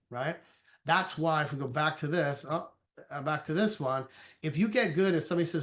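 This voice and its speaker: A man, a sales consultant, giving an energetic training talk, loosely conversational and acting out little dialogues as he goes. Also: a little high, fast talker. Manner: acts out conversations in quoted voices; loose and conversational, many restarts.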